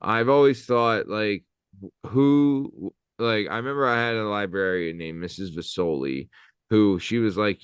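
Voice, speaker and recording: A hoarse young man co-hosting a comedy podcast, rambling playfully with lots of fillers and goofy asides. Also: fairly low pitch, a little slow, no echo, studio quality. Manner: rambling, playful, full of filler and silly voices. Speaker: podcast co-host.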